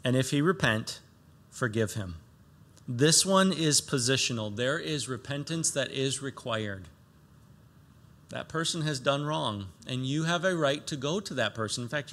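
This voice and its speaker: A man preaching with a bright, forceful tone at a middle pitch. He reads scripture aloud and then explains it earnestly. He rises to emphatic lines and drops to soft, low asides. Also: moderate pace. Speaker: pastor. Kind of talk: sermon.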